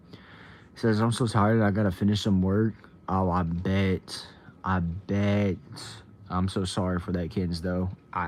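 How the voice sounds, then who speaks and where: A young man from Texas hosts a casual livestream, reading comments aloud and greeting viewers by name. His voice sits fairly low, and his delivery stays laid-back and chatty. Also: a little mellow. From Texas, USA. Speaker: livestream host.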